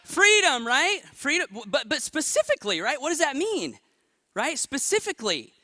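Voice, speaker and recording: A high, bright man's voice pushes through a motivational talk with real energy, throwing questions out to the crowd. He sounds to be in his thirties, and the sound is dry and close with almost no room around it. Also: normal speed, dry recording. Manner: energetic, asks the audience questions. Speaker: motivational speaker.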